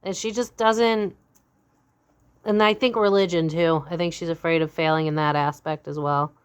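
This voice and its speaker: A woman's voice: on the low side, fairly even intonation, moderate pace, clear, resonant tone. A young adult woman giving a casual tarot reading to camera. She is blunt and candid, swears freely and laughs often. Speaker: psychic tarot reader.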